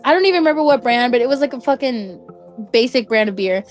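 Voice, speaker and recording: Young woman with a high voice rambling through a story, says like a lot. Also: expressive, quick pace, faint music behind. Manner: chatty, full of "like" fillers. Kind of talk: casual spoken anecdote.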